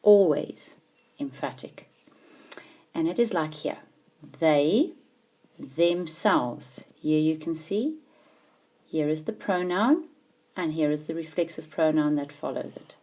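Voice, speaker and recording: Low-voiced woman teaching grammar. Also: normal speed, mellow. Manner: patient, emphatic, checks understanding with questions. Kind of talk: grammar lesson.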